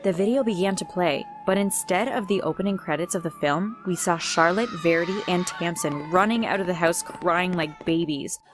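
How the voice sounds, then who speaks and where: A woman's voice: fairly low pitch, normal speed, few pauses, crowd noise. A young woman giving a dramatic first-person storytime narration. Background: faint music.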